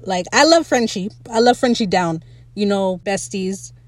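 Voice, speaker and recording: A young woman hosting a casual solo podcast, chatty and excitable, and she slips into playful voices when she quotes characters. Her pitch sits in the middle range. The recording is close and dry, with no room echo. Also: unhurried. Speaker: podcast host.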